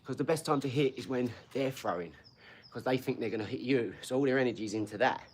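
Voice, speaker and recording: Man, middle-aged, casual live stream host, boastful, chatty, mid-pitched voice. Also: quick pace. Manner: boastful, chatty, talks straight to viewers.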